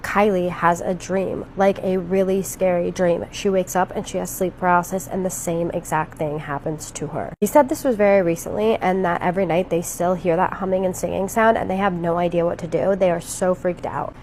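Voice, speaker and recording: A woman's voice: lowish voice, fairly even intonation, brisk, hardly any pauses, darkish tone, a little hiss or hum. A woman telling a horror story in a casual, chatty way, stretching some phrases out for drama.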